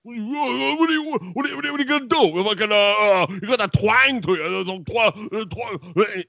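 A man putting on a panicked, threatened male commentator who stammers in a high, frantic voice. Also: a little fast, vocal fry, bright, forceful tone, no echo, studio quality, heavily acted.

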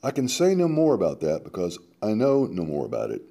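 Man, deep voice, dark mellow tone, very animated delivery, reads aloud with sarcastic asides. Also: fairly quick, gravelly. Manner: interjects sarcastic asides between quoted passages. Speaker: radio host reading a column aloud. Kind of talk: reading aloud with running commentary.

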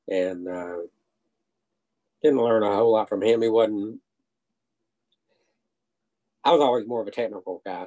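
A man's voice: on the low side, mellow, poor audio. Older man telling shop stories. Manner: rambling anecdotes with restarts and acted quotes. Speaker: interview guest, retired radiator salesman. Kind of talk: casual storytelling.

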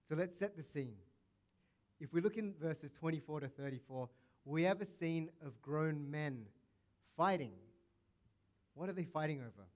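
A male pastor preaching a sermon in a conversational, playful way, acting out quotes now and then. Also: a little high.

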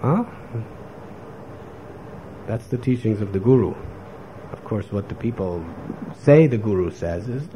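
In a low-quality recording with faint background noise, a man with a lowish voice preaches a spiritual lecture, unhurried and pausing often. He stays animated, taking on the voices of the people he cites.

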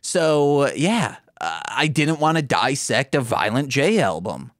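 A man's voice: mid-range voice, very animated, slow, no echo, studio quality. A man co-hosting a podcast in casual chat, joking around and slipping into silly voices. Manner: goofy, jokey, slips into silly voices. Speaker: podcast co-host.

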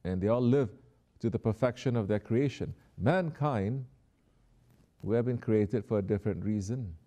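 A man preaching a sermon who exhorts his listeners, drops to soft, quiet asides and then rises to emphatic lines. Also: on the low side, normal speed.

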